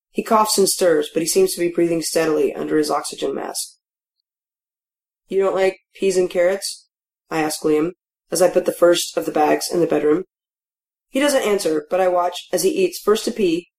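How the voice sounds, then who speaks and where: A woman's voice: lowish voice, darkish tone. A woman narrating a first-person novel in a wry, matter-of-fact way with a dry sense of humor. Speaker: audiobook narrator.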